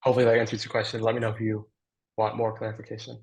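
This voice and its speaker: A man's voice: fairly low pitch, monotone, racing, husky, low-quality recording. A man giving a technical talk, answering audience questions on a video call, hesitant and thinking aloud with fillers. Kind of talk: online Q&A after a technical talk.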